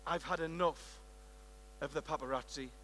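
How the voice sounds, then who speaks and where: A British man impersonating a weary, smooth-talking male movie star in a low, hushed voice. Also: steady tone, moderate pace, close to an everyday voice. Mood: smug weary. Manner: low, hushed, self-admiring. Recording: echoey large hall.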